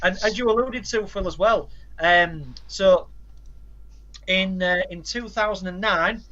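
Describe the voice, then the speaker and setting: A man's voice: high voice, a little slow, pushed and bright, muffled recording. A man co-hosting a casual podcast, rattling off facts and titles with dry asides. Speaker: podcast co-host.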